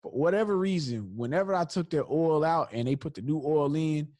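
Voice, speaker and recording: Animated storytelling man, dry close sound. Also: fairly high pitch, a little fast, no room sound. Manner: animated, acts out voices in his story. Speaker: podcast host. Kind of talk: comedic storytelling.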